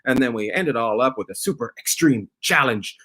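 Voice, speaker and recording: A man hosting a comedy panel game show over a video call, mock-grand and playful, swinging from big announcements to low asides. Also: lively intonation, fairly quick, sharp tone. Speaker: podcast host running a comedy game show.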